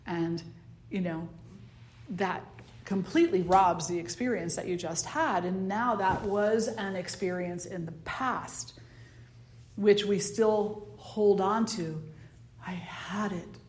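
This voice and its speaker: A spiritual teacher, a woman with a New Jersey accent, talks gently and conversationally to a small group at a slow pace in a mid-range voice. Now and then she acts out the ego in quoted asides, and the room gives an echoey sound.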